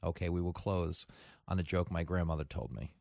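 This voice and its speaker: A male radio host bantering and telling jokes in a comedic, animated way in a studio. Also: low-pitched, a little fast, gravelly, no room sound. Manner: joking, animated, tells jokes with voices.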